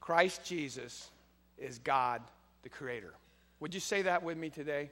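A man preaching a sermon as pastor, building to emphatic points and then leading a soft, slow prayer. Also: medium pitch, long reverb tail, slight background noise.

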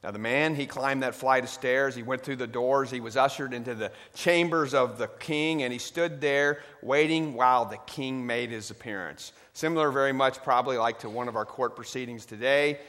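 A man preaching a sermon, retelling a story with dramatic swings between loud, lively passages and hushed ones. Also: medium pitch, normal speed, few pauses. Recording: long reverb of a large hall.

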